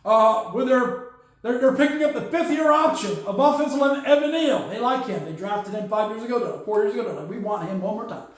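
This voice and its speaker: A man hosting a casual solo sports podcast, rambling and joking as he acts out teams and players in quick put-on quotes. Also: high-pitched, expressive. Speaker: podcast host. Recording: very echoey room.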